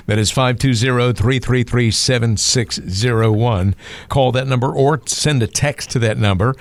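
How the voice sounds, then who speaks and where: A man hosting a radio show, upbeat, reading phone numbers slowly and repeating them. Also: mid-range voice, creaky, dry recording. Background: music bed.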